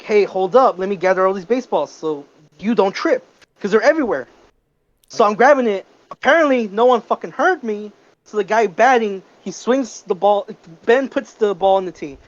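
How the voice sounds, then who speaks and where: High-voiced teen guy telling a story. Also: moderate pace, lo-fi sound. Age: teens. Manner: animated, swears freely. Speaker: podcast co-host. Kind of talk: casual storytelling.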